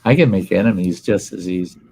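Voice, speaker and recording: An older man, his low voice full of gravel and fry. He hosts a relaxed chat and says what he thinks with blunt, profane plainness. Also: a little fast, low-quality recording. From Upper Midwest US. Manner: blunt, plainspoken, swears freely. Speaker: livestream host. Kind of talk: casual chat.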